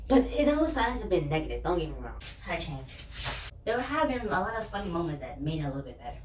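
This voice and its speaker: A woman's voice: deep voice, very animated, fast talker. A young woman and student telling candid, rambling personal stories in a vlog, laughing at herself. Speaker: vlogger, student. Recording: roomy, distant, faint hum.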